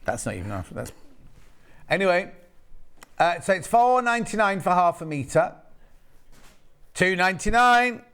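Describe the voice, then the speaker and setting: A man's voice: high-pitched, big pitch swings, normal speed, long pauses, fairly bright tone, smooth. A man presenting fabrics on a live home-shopping show, chatting and rambling between asides as he reads out prices. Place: TV studio.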